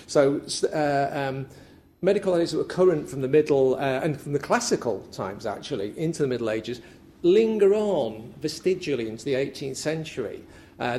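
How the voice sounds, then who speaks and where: Man, academic speaker, conversational lecture, gravelly voice, lots of ums and restarts. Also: medium pitch, warm tone. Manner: hesitant, many fillers and restarts. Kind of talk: conference paper talk. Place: lecture room at a symposium.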